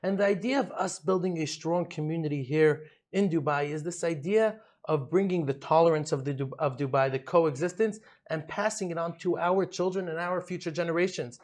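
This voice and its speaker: A man with a somewhat high voice speaks as a rabbi and community leader in a studio interview. He sounds earnest and enthusiastic, and he stumbles and restarts his phrases as he explains things. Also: fairly quick, few pauses, darkish tone. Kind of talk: interview answers.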